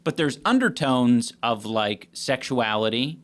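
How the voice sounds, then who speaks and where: A man's voice: mid-range voice, expressive, measured pace, fairly bright tone. A man in his thirties co-hosting a casual podcast, rambling with lots of "you know" and "like". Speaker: podcast co-host. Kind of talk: casual chat.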